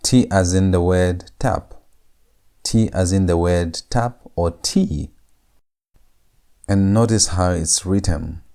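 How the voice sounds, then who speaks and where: A man teaching a language lesson, saying each letter sound over and over in a drawn-out, patient way. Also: sits low, mellow. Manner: repeats each sound several times, drawn out. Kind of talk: slow lecture on letter pronunciation.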